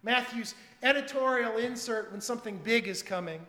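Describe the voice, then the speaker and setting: High-voiced preacher in an echoey hall. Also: male voice, moderate pace, few pauses. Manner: dramatic swings between loud emphasis and hushed asides. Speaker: pastor. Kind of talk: sermon.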